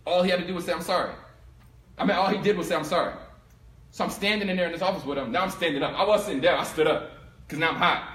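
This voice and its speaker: A young man from Philadelphia giving a storytelling talk to a live audience, animated and acting out both sides of his story. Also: sits high, very fast. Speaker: speaker giving a talk on income. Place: room with an audience. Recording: echoey room.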